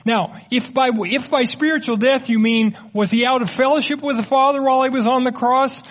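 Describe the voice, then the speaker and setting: A middle-aged man with a fairly high voice leads a teaching sermon. He explains in a loose, conversational manner, slipping in light jokes while taking questions from the audience. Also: steady tone, a little fast, a bit bright. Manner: conversational, explanatory, joking asides. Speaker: preacher.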